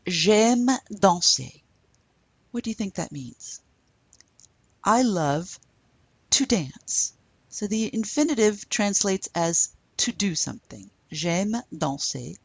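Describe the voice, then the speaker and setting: Slow, deliberate woman teaching French. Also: fairly low pitch, animated, creaky, breathy edge, no echo. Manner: slow and deliberate, modelling pronunciation for learners to repeat. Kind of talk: recorded lecture.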